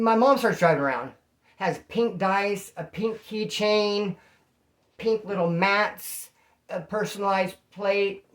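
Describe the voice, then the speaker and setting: Man telling a story in a slangy, animated way. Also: sits high. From California. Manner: animated, slangy, acts out quoted voices. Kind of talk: casual storytelling monologue.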